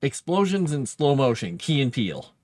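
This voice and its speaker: A man chats casually on a live stream while he writes, rambling and muttering lines of his drafts aloud. His pitch swings up and down a lot. The sound is close and dry, with no room echo. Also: sing-song, moderate pace, a little mellow. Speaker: live streamer writing fantasy lore.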